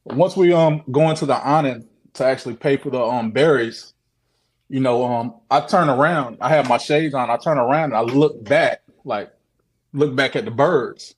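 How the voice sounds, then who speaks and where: A man telling his own odd sighting story on a call, animated, swearing often and repeating himself. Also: mid-range voice, normal speed, breathy edge. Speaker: guest sharing a sighting story. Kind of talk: casual storytelling on a video call show.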